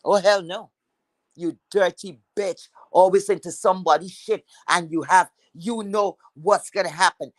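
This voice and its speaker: A woman's voice: fairly low pitch, steady tone, unhurried, no echo. Woman host with an accent, angry profane rant, lectures like a mock teacher, dry close sound. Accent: has a non-standard accent. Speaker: livestream host.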